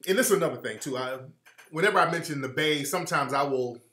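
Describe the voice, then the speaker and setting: A man hosts a heated live stream from home, preaching his points and repeating them for weight. His voice sits a bit high and comes out bright and forceful. The webcam mic picks up a roomy echo. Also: quick pace.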